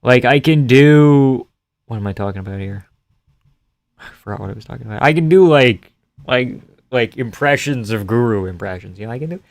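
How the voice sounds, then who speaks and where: Smooth-voiced man casually chatting on a stream. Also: mid-range voice, expressive, normal speed, no room sound. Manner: joking, swears casually. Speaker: live streamer. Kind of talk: casual chat while reading live comments.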